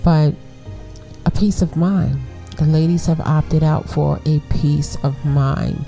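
A woman in her forties hosts a casual podcast for women in a low, warm, gravelly Brooklyn voice as faint music plays behind her. She speaks slowly and steadily, laughing often and repeatedly asking her listeners "right?"

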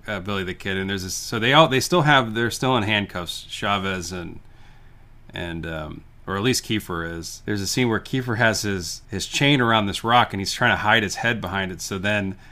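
A man with a low, bright and forceful voice co-hosts a movie podcast. He retells scenes in an animated way, with laughs and stumbling restarts. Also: moderate pace. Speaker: podcast co-host. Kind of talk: casual movie review chat.

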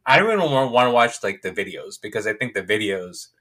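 A man's voice: lowish voice, very animated, quick pace, bright, forceful tone. A man co-hosting a casual pop-culture gossip podcast, giving blunt, dry retorts. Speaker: podcast co-host.

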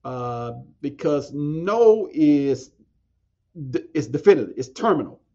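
Animated high-voiced man telling a story. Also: slow pace. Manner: animated, acts out quoted voices, stammers and restarts. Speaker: podcast guest. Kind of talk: storytelling in casual interview. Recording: dull lo-fi sound, faint music.

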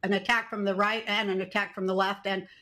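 A woman's voice: medium pitch, little pitch movement, fairly quick, bright, forceful tone. Older woman comedian, wry and rambling. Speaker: guest comedian. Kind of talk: interview answers.

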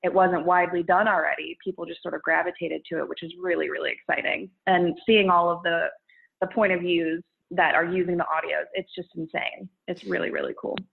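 Young woman guest, lowish voice, chatty and giggly, phone-quality line. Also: steady tone, brisk, gravelly. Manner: chatty, laughs often, loose restarts. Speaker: guest, content creator. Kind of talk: casual interview chat. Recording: phone-like narrow sound.

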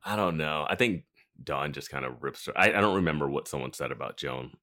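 A man with an extremely deep voice co-hosting a podcast. He muses in relaxed chat, laughing often, and his pitch rises and falls in lively swings. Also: a little fast. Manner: laughs often, musing commentary. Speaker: podcast co-host. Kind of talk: casual chat.

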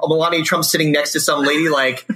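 A man's voice: on the high side, fairly even intonation, fast talker, pushed and bright. A man co-hosting a podcast, reacting to clips with profane jokes, laughing often and slipping into mock voices. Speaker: podcast co-host. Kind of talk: casual comedic commentary.

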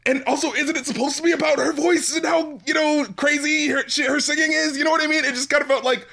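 A man chatting casually on a podcast, animated and laughing often as he picks apart songs. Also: extremely high pitch, fast, creaky. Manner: animated, laughs often, mocks lyrics in silly voices. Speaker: podcast co-host. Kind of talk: casual music review chat.

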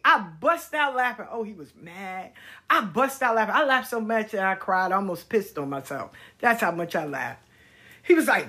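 Blunt, husky-voiced woman vlogger. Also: mid-range voice, lively intonation, normal speed, sharp tone. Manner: blunt and emphatic, swears, repeats words for emphasis. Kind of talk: candid personal commentary monologue.

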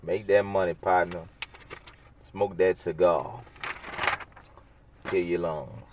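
A man's voice: low voice, takes it slowly, background noise. A man hosting a podcast alone, rambling casually with blunt, sarcastic asides. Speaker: podcast host. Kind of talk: casual solo podcast monologue.

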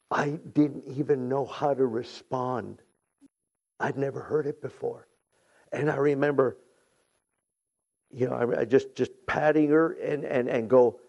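A middle-aged male pastor preaching with a rough, gravelly voice and a slow, deliberate delivery. He tells stories, acts out the voices in them, repeats phrases as he goes, and climbs toward shouting. The recording is dull and lo-fi. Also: mid-range voice. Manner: many restarts and repeated phrases. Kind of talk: sermon.

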